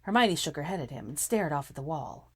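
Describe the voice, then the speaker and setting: A woman reading fan fiction aloud as narrator, calm between dialogue. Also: deep voice, brisk, slightly rough, no room sound. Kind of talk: audiobook narration.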